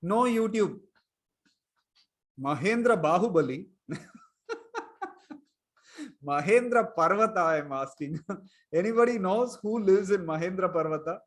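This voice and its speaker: A man telling a story to children in an online class, chuckling and quizzing them. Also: sits high. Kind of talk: storytelling lesson for kids online.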